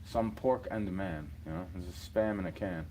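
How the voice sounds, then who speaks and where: A man's voice: low voice, normal speed, warm tone, slight background noise. A man in his thirties from New York City, ranting in a rambling, profane monologue and chuckling between points.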